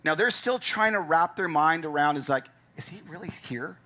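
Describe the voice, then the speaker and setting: A man's voice: a little high, normal speed. A man preaching a sermon as pastor, emphatic and conversational, acting out his listeners' doubts. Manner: animated, acts out doubting listeners' thoughts.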